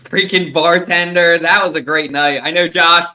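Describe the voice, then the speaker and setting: Man, podcast co-host, bright tense voice, a bit high, upbeat joking chat. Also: fairly even intonation. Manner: upbeat, joking, rapid asides. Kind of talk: casual sports podcast chat.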